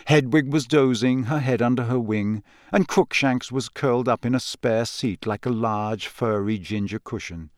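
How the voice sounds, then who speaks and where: A man reading a novel aloud as narrator, in a measured, even storytelling way, close to the mic. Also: medium pitch, dry recording. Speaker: audiobook narrator. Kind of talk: scripted narration.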